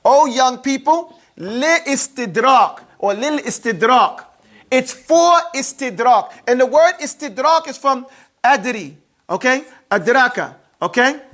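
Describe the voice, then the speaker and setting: Expressive, high-pitched, and fairly bright, a grammar teacher keeps a casual class engaged by asking questions and checking comprehension. Key terms get drawn out slowly so students drill them.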